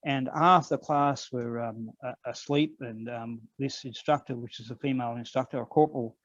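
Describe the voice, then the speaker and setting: An older man with an Australian accent, telling personal stories as a guest in an online conversation, unhurried and with frequent ums. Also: mid-range voice, steady tone, a bit bright, dry recording. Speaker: guest elder. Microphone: video call. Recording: dull lo-fi online call audio.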